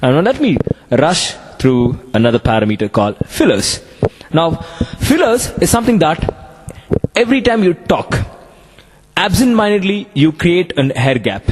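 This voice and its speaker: A man with an Indian English accent, giving a classroom lecture on communication skills in an animated way. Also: a little high, moderate pace, long reverb tail, slight background noise.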